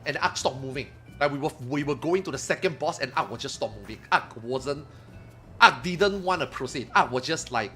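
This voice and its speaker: A streamer tells his chat a story in a loose, lively way, cursing freely and performing his friends' lines. His voice sits a little high and moves briskly, with faint music underneath.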